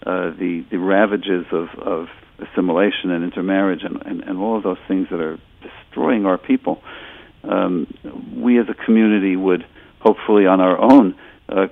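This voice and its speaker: A man with a very low voice gives a talk, restarting his phrases often as he searches for words. The sound is thin and phone-like, as if played through a narrow speaker. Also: steady tone, gravelly. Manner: halting, many restarts. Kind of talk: public speech. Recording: tinny phone-like audio.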